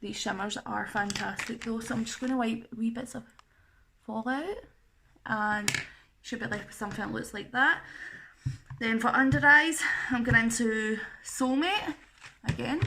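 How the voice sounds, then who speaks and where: Young woman, casual tutorial host, bright, slightly high voice, self-deprecating chatter. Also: creaky, slight background noise. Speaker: makeup artist.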